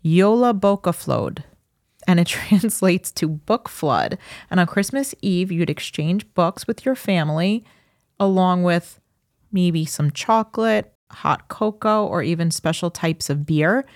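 A woman with a softened New York accent, co-hosting a podcast in casual, chatty conversation. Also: on the low side, unhurried, no room sound, clean studio sound. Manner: chatty, thinks aloud with restarts. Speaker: podcast co-host. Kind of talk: casual chat.

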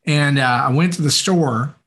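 Animated male podcast storyteller. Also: a little high, normal speed. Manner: animated, acts out quoted dialogue, many fillers. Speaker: podcast co-host. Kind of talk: casual anecdotal storytelling.

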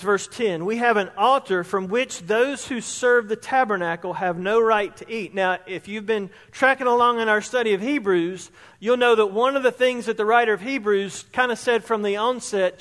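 A pastor preaching a sermon, emphatic and fond of stacking repeated words for stress. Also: male voice, high-pitched, moderate pace, few pauses, fairly bright tone, long reverb tail.

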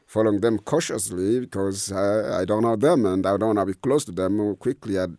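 A middle-aged man speaks in a fairly low voice, telling his life story as an interview guest. His English is learned, halting and full of fillers and restarts. The sound is dry and close, with no room echo. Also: mellow. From Democratic Republic of Congo. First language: not English.

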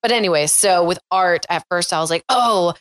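A woman's voice: fairly low pitch, a little fast, smooth, no room sound. A young adult woman, a guest in a casual conversation, talking in an upbeat way and often backing the host with "mm-hmm". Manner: upbeat, frequent "mm-hmm" backchannels.

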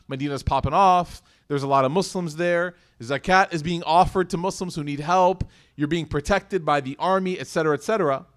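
A man giving a religious lecture in a casual, lively way, often asking the audience rhetorical questions and adding humorous asides. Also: on the high side. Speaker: Islamic lecturer.

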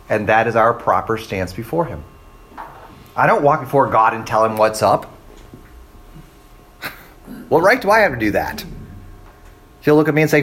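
A man's voice: mid-range voice, expressive, unhurried, long pauses, fairly bright tone. A man preaching a sermon in a conversational way, often checking in with listeners and acting out the voices of the people he quotes. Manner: checks in with "right?" and "okay?". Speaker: pastor.

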